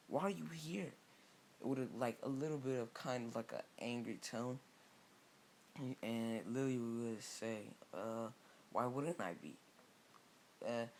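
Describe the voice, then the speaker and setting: A man narrates a homemade fan story off the cuff, rambling and restarting as he goes. His voice sits at an ordinary middle pitch. A faint hiss runs beneath it. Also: darkish tone. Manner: rambling, with many fillers and restarts. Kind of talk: casual improvised fan-fiction narration.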